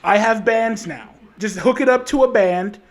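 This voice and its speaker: High-voiced man giving a jokey movie recap. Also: moderate pace. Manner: jokey, rambling and excitable. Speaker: channel host, movie recapper. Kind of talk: casual comedic movie recap.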